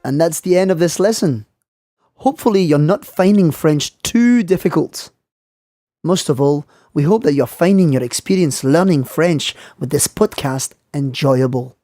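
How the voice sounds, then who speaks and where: Mellow male French teacher, dry studio. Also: fairly high pitch, animated, dry recording, faint music behind. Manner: clear, slow model phrases for learners. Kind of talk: scripted lesson narration.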